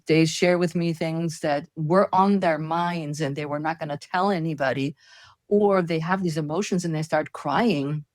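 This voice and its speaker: A woman's voice: low-pitched, darkish tone, no room sound. A woman fitness expert as an interview guest, speaking in an earnest, encouraging, coach-like way. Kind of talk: conversational interview.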